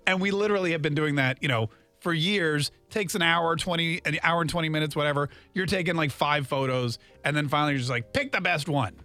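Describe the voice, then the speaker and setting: A man hosting a radio morning show, chatting animatedly and breaking into excited voices as he tells stories. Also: on the high side, fast, few pauses, dry recording, soft background music. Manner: animated, jumps into excited put-on voices for anecdotes. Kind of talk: casual radio banter. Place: radio studio. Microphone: studio microphone.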